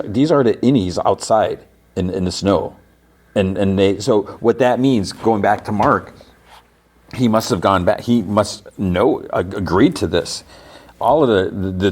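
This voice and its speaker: A man's voice: lowish voice, darkish tone. A podcast host chatting casually, rambling with lots of "like" and restarts as he recaps.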